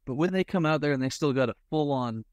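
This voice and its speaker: A man's voice: fairly high pitch, expressive, quick pace, no echo, clean studio sound. A man co-hosting a podcast in casual chat, complaining in a wry, amused way with acted-out asides. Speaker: podcast co-host.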